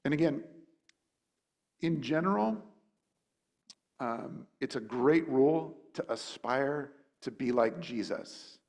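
A man preaching in a conversational way, thinking aloud with frequent restarts and fillers, and acting out quotes in animated voices. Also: takes it slowly, long pauses. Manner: acts out quotes with sudden high, animated voices. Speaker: pastor. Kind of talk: conversational sermon.

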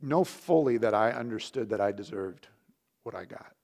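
A man preaching, telling a childhood story in a lively storytelling manner with big swings in loudness. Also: on the low side, moderate pace. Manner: animated storytelling with lively shifts in volume. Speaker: pastor. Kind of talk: sermon storytelling.

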